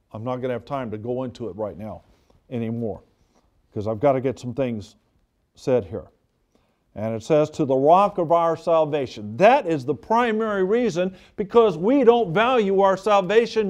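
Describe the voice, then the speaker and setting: A pastor preaches in a fervent yet conversational manner, circling back to press his points home. His voice sits high for a man. He talks directly to his flock, earnest and emphatic. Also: a little mellow. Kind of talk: sermon.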